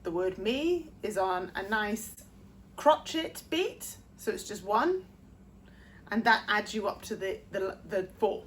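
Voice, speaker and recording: A woman's voice: mid-range voice, very animated, slight background noise. A woman, a vocal coach explaining sheet-music rhythm step by step and singing short phrases to demonstrate. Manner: explains slowly, sings short demo phrases. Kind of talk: music theory lesson.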